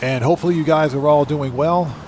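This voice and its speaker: A man's voice: fairly high pitch, a little fast, darkish tone, slight background noise. A man hosting a live gaming stream, chatting casually with viewers and laughing easily. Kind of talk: casual live-stream chat while playing.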